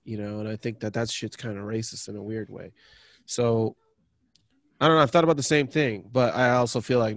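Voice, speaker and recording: A man's voice: medium pitch, dry recording. A man co-hosting a podcast, talking in a rambling way that trails off, swearing freely. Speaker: podcast co-host. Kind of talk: casual chat.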